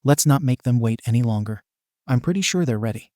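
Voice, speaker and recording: A stern grown hero who speaks in a flat, deadpan way, with a dark, mellow voice, as the narrator puts him on. The sound is dry and close. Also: male voice, mid-range voice, a little fast, no room sound, natural voice. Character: stern, deadpan adult male pro hero.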